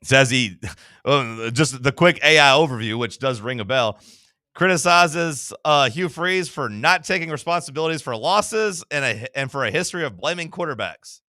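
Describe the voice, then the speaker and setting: A sports talk co-host with a bright, forceful and crisp voice, recorded dry and close. He rambles along in animated, casual banter, slipping in mock quotes as he goes. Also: medium pitch, moderate pace, no room sound.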